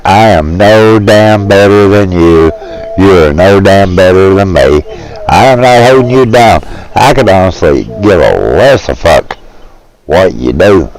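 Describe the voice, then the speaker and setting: Man, 50s, gruff profane ranter, low and unhurried. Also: rough recording. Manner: blunt, profane, rough-spoken; halting with many restarts. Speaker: streamer. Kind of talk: rambling opinion rant.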